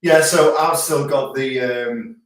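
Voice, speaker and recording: A man's voice: mid-range voice, slow pace, far from the mic. A middle-aged man, joining his brother's livestream and chatting in an easygoing, jokey way. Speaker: host's visiting brother. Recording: echoey room, away from the mic.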